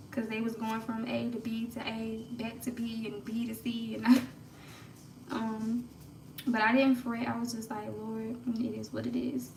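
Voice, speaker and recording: A woman casually telling a personal story on a livestream, chatty and laughing often, hushing to a whisper when she retells her prayers. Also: on the high side, gravelly, far from the mic. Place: room at home. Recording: echoey room, off-mic, faint background noise.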